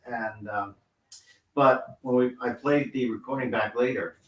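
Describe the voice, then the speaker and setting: Guy telling a ghost hunt story, pausing on uh's, room echo. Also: mid-range voice, steady tone. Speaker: paranormal investigator. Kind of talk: casual storytelling. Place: living room at a live party. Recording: echoey room, mic far off.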